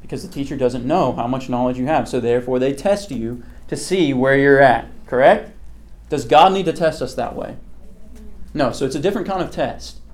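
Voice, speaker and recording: A man's voice: mid-range voice, moderate pace. A young man teaching a casual youth sermon, talking conversationally, quizzing his listeners and leaning on fillers like "okay" and "like". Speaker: youth pastor.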